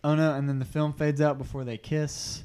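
A man's voice: a little high, flat delivery, moderate pace, darkish tone, smooth. A man hosting a podcast, chatting casually and laughing often while watching a movie at home, slipping into playful impressions. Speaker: podcast host. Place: living room at home.

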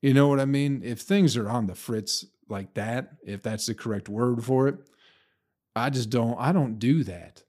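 A man's voice: medium pitch, moderate pace, a little mellow. Profane, laid-back male comedian. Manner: loose, profane, laughing storyteller. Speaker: stand-up comedian. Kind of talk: casual solo podcast monologue.

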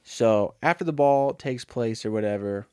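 Sex: man. Role: podcast co-host. Style: casual, rambling storytelling with fillers. Sound: mid pitch, dry close mic. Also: moderate pace, darkish tone, smooth, no room sound. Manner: rambling, chatty, full of fillers and self-corrections. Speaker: podcast co-host retelling a made-up movie.

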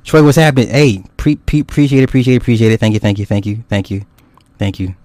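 A man's voice: medium pitch, fairly even intonation, quick pace, warm tone, no room sound. A man hosting a casual livestream, rambling and swearing loosely with frequent laughs as he reads viewer comments. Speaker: YouTube host.

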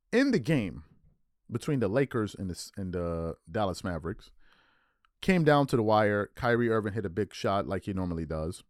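A man hosting a casual sports podcast, animated and mocking as he riffs. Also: lowish voice, no echo, studio quality. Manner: animated, mocking impressions of others. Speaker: podcast host.

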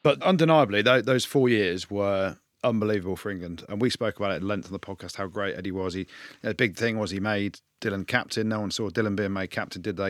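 Fast-talking, joking podcast host. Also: male voice, fairly low pitch, no echo. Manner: joking, teasing, quick banter. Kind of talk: casual podcast banter.

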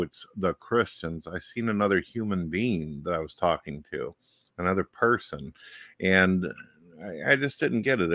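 A man's voice: sits low, fairly bright tone, dry recording. A middle-aged man talking casually and bluntly, swearing freely as a show host. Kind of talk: casual conversation.

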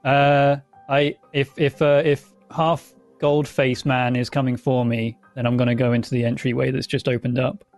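A man playing in a tabletop game, talking in a hesitant, halting way. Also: mid-range voice, little pitch movement, darkish tone, soft background music. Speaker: player. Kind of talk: casual game chat.

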